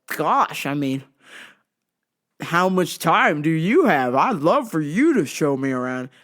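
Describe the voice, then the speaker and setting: A woman voicing a flirtatious rustic man who lays on slow, gushing compliments. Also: low-pitched, sing-song, fairly bright tone, voice pushed down, exaggerated voice. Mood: fawning. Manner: drawn-out, fawning compliments.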